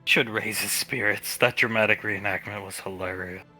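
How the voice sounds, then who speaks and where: Very bright male game master. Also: fairly low pitch, fairly even intonation, moderate pace, soft background music. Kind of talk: live-streamed tabletop role-play.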